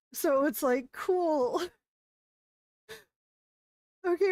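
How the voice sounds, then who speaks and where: A woman's voice: extremely high pitch, no echo, clean studio sound. A woman VTuber streamer chatting casually with viewers during a live stream, flustered and rambling, stumbling over her words and giggling often.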